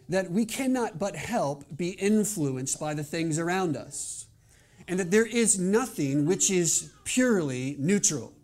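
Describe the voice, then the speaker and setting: A male pastor delivering a sermon, opening with a quiet prayer and then speaking in an earnest, measured way. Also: a little high. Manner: earnest, measured preaching with soft prayerful passages.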